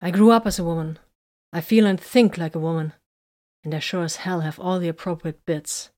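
A woman's voice: on the low side, steady tone, fairly quick, a little mellow, natural voice. A woman voicing a bitter, hurt young woman warrior in an audiobook, speaking in an emotional, confessional way. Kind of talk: audiobook character reading.

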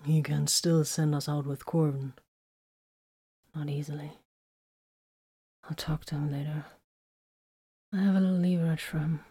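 A spent female warrior, wounded and barely upright, murmuring with a faint teasing edge, as a woman reads her in whispered role-play. The voice sits a little low and hushed. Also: flat delivery, measured pace, long pauses, slightly rough, full character voice. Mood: weary. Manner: soft, weary, quietly teasing.

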